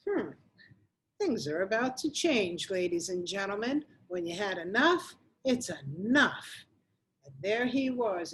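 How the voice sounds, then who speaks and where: Woman, middle-aged, motivational speaker, emphatic, repetitive, somewhat high voice. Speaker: motivational speaker on domestic violence. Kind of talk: motivational address to camera.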